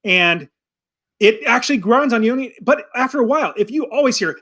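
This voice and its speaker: A middle-aged man co-hosting a podcast in casual chat, animated and acting out quoted voices as he talks. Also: very high voice, normal speed. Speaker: podcast co-host.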